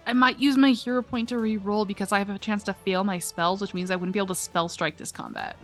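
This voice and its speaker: A woman playing in a tabletop game, reacting quickly to the rolls. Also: medium pitch, steady tone, fairly bright tone, soft background music. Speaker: player.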